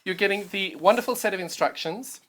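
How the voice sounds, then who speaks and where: A man's voice: high voice, fairly quick, fairly bright tone, a little hiss or hum. A man with a South African accent presenting a live TV sewing sales show, with jokey, teasing banter. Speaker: shopping channel presenter. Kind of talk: live TV selling chat.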